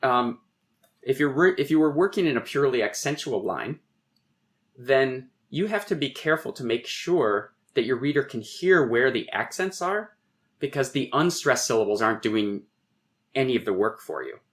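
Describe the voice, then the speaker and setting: This man, a poet and philosopher, speaks at medium pitch and normal speed with lively intonation and a fairly bright tone. He gives a conversational lecture on poetic meter, thoughtful and professorial, often restarting his sentences.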